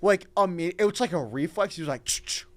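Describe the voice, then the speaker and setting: A young man co-hosting a podcast, telling a story in an excitable, animated way and laughing through it. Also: high voice, quick pace. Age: young adult. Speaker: podcast co-host. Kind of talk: casual storytelling chat.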